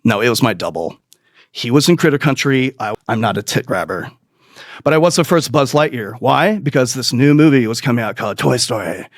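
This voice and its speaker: A man's voice: mid-range voice, expressive, brisk, dry recording, clean studio sound. A man hosting a comedy podcast, telling crude, rambling stories in a profane, self-mocking way and laughing at his own jokes. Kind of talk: crude comic storytelling monologue.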